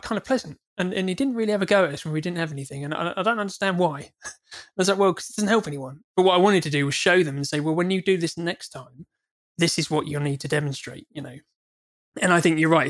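Fast-talking man with a higher voice. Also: a bit bright. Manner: earnest, repeats words when starting sentences. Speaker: guest, former auditor. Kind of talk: casual podcast discussion.

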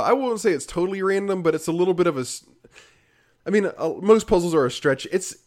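Rambling man with a higher voice. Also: a little mellow. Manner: rambling, heavy use of fillers, frequent laughs; dry, critical. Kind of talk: casual chat reviewing a video game.

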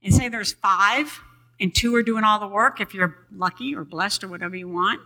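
An older woman preaching a sermon in a church on a boom mic, calling out to the congregation for responses. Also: normal speed, bright, forceful tone, rough recording.

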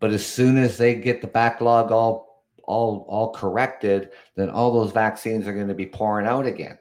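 His voice is lowish and darkish, with a steady tone and moderate pace. He's a Canadian podcast host in his fifties doing casual live-show talk, frequently chuckling, exasperated, and rambling with restarts.

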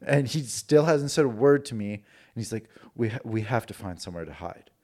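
This podcast guest, a Canadian man, talks briskly in a mid-range voice while recounting something that happened to him. The story comes out casual and full of profanity, with the dialogue acted out animatedly.

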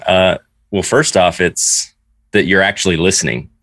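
A man's voice: deep voice, normal speed, fairly bright tone, no echo. A man co-hosting a podcast in casual chat, hesitant and often repeating words as he starts a thought. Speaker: podcast co-host.

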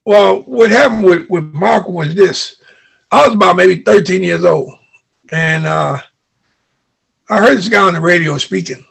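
Gravelly older man telling stories. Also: high-pitched, measured pace. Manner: animated retelling with quoted dialogue. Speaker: interview guest. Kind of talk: storytelling in an interview.

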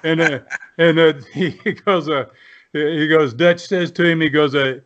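With a steady, fairly bright, fairly high voice and a measured pace, a former pro wrestler in his seventies from the US rambles through casual stories as a guest. He's folksy and often restarts or uses fillers, and the recording has a dull lo-fi quality.

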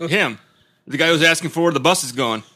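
A man in casual chat, asking questions in a deadpan way. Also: fairly high pitch, fairly quick.

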